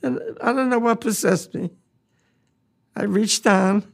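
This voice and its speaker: High, gravelly old man telling war memories. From United States. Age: 90s. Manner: plain, halting, repeats key phrases. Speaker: war veteran recounting memories. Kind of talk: personal testimony storytelling.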